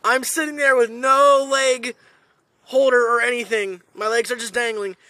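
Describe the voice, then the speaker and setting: A man telling a comic story in a profane, animated way, swearing constantly. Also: extremely high pitch, moderate pace, no room sound. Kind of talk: comedic storytelling.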